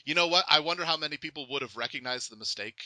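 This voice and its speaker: Male podcast host, very bright voice, dry close sound, jokey, laughs a lot. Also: fairly high pitch, rapid-fire, no room sound, rough recording. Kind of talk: casual interview chat.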